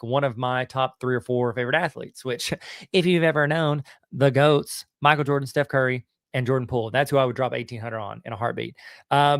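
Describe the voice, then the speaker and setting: A man's voice: mid-range voice, a bit bright, no room sound, clean studio sound. A middle-aged man with a Southern US accent hosting a podcast on a live stream, talking in a casual, slangy way with lots of fillers and restarts. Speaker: podcast host.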